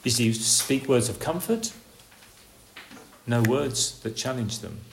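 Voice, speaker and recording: A preacher delivering a sermon, posing rhetorical questions and swinging from emphatic peaks down to low, quiet lines. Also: male voice, animated, takes it slowly, creaky, a little hiss or hum.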